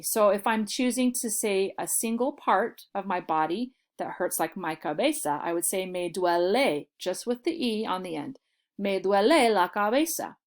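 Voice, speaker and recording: Patient woman teaching Spanish vocabulary. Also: medium pitch. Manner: slow, clear model phrases in Spanish; patient, explaining. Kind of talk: vocabulary lesson.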